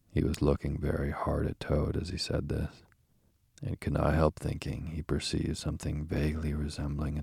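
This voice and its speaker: A man reads a storybook aloud to lull listeners to sleep, slow and calm. His voice is very deep, husky and gravelly, with a flat, even lilt and no room echo. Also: studio quality. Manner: slow, calm, unhurried delivery. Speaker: narrator. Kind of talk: soothing bedtime storybook reading.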